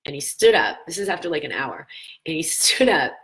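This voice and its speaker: A woman in her thirties hosting a wellness show, coaching viewers earnestly and telling a personal story in an animated way. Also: low voice, brisk, rough recording. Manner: animated storyteller, acts out quoted voices; earnest, encouraging, answers viewer questions.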